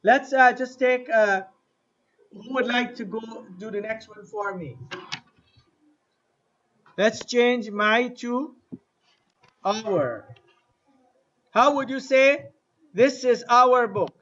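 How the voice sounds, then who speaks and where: A man teaching an Arabic lesson to a class, drilling phrases slowly and having students repeat. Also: extremely high pitch, fairly bright tone, muffled recording. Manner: slow, deliberate drilling with repetition to the class. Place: mosque classroom.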